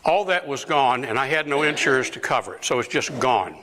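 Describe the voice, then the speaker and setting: Bright-voiced older deacon in a hall. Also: male voice, mid-range voice, expressive, brisk, a little hiss or hum. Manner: acts out quoted voices, rising to near-shouts. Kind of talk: talk to a parish lunch group. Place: parish hall.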